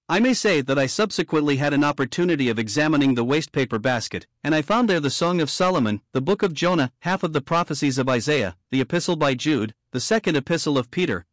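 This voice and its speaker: A man reading a devotional story aloud in measured, earnest first person. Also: fairly high pitch, dry recording, studio quality. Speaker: audiobook reader.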